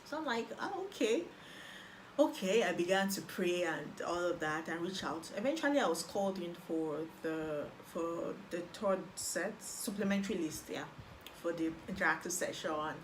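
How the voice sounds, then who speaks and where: Animated Nigerian woman telling her story. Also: lowish voice, slight background noise. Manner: animated storyteller who acts out quoted voices. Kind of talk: personal testimony.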